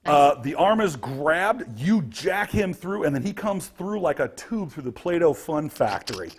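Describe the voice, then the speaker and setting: Husky animated male game master. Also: fairly high pitch, unhurried. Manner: lively, vivid scene-setting narration. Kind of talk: narrating a tabletop game.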